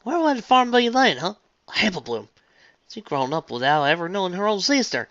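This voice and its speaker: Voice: medium pitch, big pitch swings, normal speed, a bit bright, dry recording, pitched above the performer's own voice. A reader voicing a stubborn, plainspoken country farm pony mare with a folksy drawl, on a dull lo-fi recording. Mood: insistent. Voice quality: folksy southern-style drawl.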